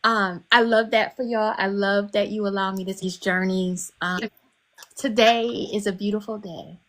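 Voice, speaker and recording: A woman's voice: medium pitch, fairly even intonation, moderate pace, fairly bright tone. A woman guest author chatting on a podcast, emotional and candid, laughing often and swearing freely. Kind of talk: casual podcast chat.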